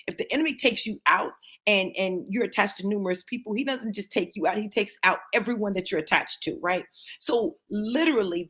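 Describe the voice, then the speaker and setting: A woman's voice: mid-range voice, breathy edge. A woman with grandchildren, speaking as a motivational speaker in an impassioned, preacherly testimony, repeating phrases for emphasis and checking in with "right?".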